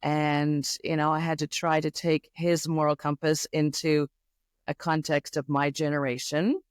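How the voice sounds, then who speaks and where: A woman's voice: low voice, little pitch movement, clean tone, dry recording, clean studio sound. Thoughtful middle-aged Canadian woman. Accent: Canadian English. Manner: thoughtful, unhurried, many "you know" fillers. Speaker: podcast guest. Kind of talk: reflective interview storytelling.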